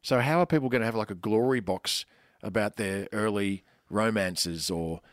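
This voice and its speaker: Expressive man, rambling chat. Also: on the low side, moderate pace, dry recording, studio quality. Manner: expressive, rambling, self-mocking. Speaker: podcast co-host. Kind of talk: casual chat.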